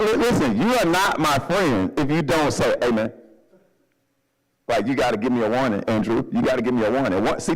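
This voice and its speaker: A man preaching a sermon in a church, animated and humorous, calling for responses from the congregation. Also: a little high. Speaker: pastor. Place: church sanctuary.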